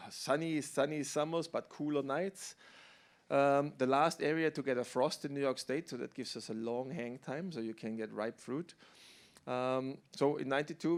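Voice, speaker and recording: A middle-aged man from Germany speaks on a panel as a winemaker, at a middle pitch. His delivery is relaxed, and he tells his story with fillers. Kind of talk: panel talk.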